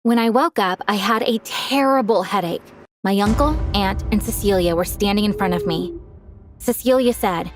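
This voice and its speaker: A woman's voice: mid-range voice, normal speed, music in the background. A young woman telling a dramatic first-person story, gasping now and then for effect.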